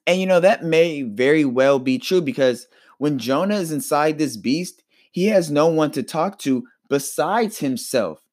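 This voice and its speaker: Guy preaching on his podcast, earnest, thinks out loud, repeats himself a bit, dry close sound. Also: a little high, lively intonation, unhurried, no room sound. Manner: earnest, reflective, repeats words when restarting. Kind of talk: recorded sermon podcast.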